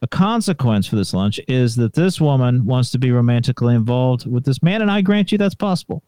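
Wry male radio co-host, dark and dry. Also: mid-range voice, lively intonation, clean tone, no echo. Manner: dry, wry, deliberate quips. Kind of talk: call-in radio talk.

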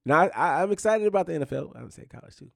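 A man's voice: a little high, expressive, racing, creaky, no echo, clean studio sound. A man hosting a casual sports talk show, rambling and repeating himself with lots of "you know what I'm saying". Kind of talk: casual sports news chat.

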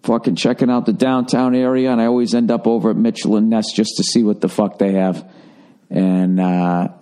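A man's voice: on the low side, little pitch movement, moderate pace, mellow, clean tone. A middle-aged man hosting his podcast, telling a rambling, profane comic story and mocking himself along the way. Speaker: comedian and podcast host.

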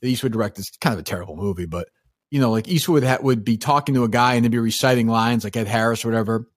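A man's voice: medium pitch, fast, no room sound, clean studio sound. A man co-hosting a casual movie podcast, blunt and opinionated, rambling through his points. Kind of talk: casual movie-discussion chat.

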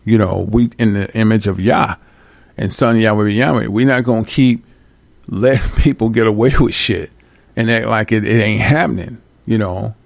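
A man hosting a livestream, talking casually and bluntly with profanity and loud, high-pitched outbursts. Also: steady tone, moderate pace, gravelly, no echo. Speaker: livestream host.

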